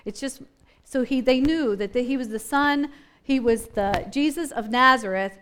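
High-voiced woman teaching Scripture. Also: moderate pace, a little hiss or hum. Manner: animated, acts out scenes and voices from the story; thinks aloud with restarts and questions. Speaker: Bible study teacher. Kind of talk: conversational Bible teaching.

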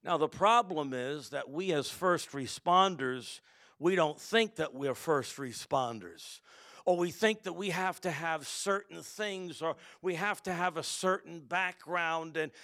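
A middle-aged man preaching a sermon, telling a personal story with animated delivery and calling on the congregation to answer back. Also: a little high, measured pace. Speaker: pastor.

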